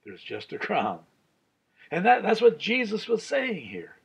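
A man's voice: high-pitched, huge pitch swings, a little slow, creaky, slightly rough, lo-fi sound. A man in his sixties, a pastor, giving an earnest Bible study sermon with a personal story, chuckling as he tells it.

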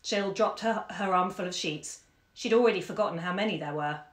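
A woman hosting a live-streamed story reading from home, chatty and expressive with fillers. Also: on the low side, a little fast. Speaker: bookshop owner and host. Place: home during lockdown. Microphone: phone camera. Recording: echoey room.

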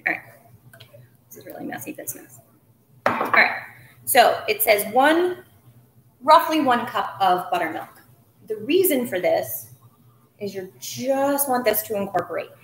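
A woman's voice: medium pitch, slight background noise. Brief: woman, cooking-show host, casual and chatty, mutters asides while working, roomy kitchen with dishes clinking faintly. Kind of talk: live cooking demonstration. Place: home kitchen.

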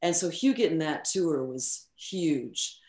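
A middle-aged woman with a fairly low-pitched voice tells stories as a guest in a casual interview. She is frank and animated, swears casually and fills her sentences with "um" and "you know". The sound is roomy and echoey. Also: slow. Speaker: guest recording engineer. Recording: roomy echo.

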